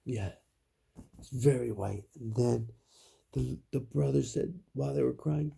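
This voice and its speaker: A man spins a scary bedtime story at a crawl, his low voice full of gravelly fry. The tone is dark and very husky, sinking to whispers at the tense parts. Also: fairly even intonation. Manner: slow, hushed, dropping to whispers for suspense. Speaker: parent telling a bedtime story.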